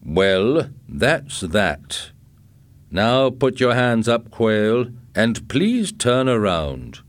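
A man reading aloud and voicing a calm, menacing police officer who speaks coolly and matter-of-factly. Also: mid-range voice, drawn-out words, no echo, voice pushed up. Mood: commanding.

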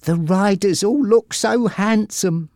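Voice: medium pitch, slow pace, darkish tone, dry recording, studio quality, voice pushed up. A narrator voicing a shy, smitten teenage girl in a storybook reading. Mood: eager.

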